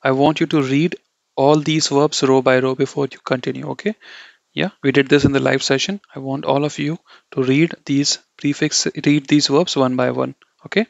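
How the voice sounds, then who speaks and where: A man's voice: mid-range voice, steady tone, moderate pace, vocal fry, no room sound. A man teaching German grammar in a loose, repetitive way, often checking in with "okay" and correcting himself as he goes. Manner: loose, repetitive, says "okay" and "you know" a lot; corrects himself mid-sentence. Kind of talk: explaining grammar to learners. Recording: dull, dry lo-fi audio.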